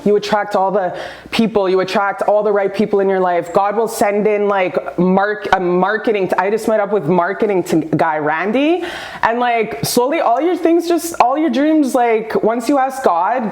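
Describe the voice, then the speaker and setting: A woman's voice: medium pitch, moderate pace, darkish tone, roomy sound. A woman psychic reader giving a motivational self-love talk, emphatic and profane, calling her listeners "baby" and "you guys.".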